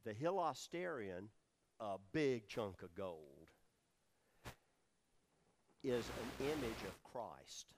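A preacher with a fairly low voice and big pitch swings teaches scripture slowly, leaving long pauses. He explains words in his Bible study sermon and asks his listeners questions, using many fillers.

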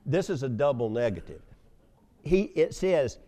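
Preacher guy, lively swings up and down, loud then quiet asides. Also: medium pitch, moderate pace. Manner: animated storytelling preacher, swinging between loud emphasis and hushed asides. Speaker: pastor. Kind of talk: sermon.

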